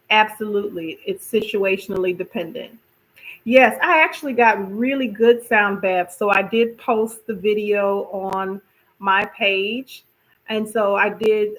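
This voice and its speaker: A woman hosting a casual wellness talk, chatty and expressive, often repeating herself and asking "right?". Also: medium pitch, poor audio. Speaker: podcast host.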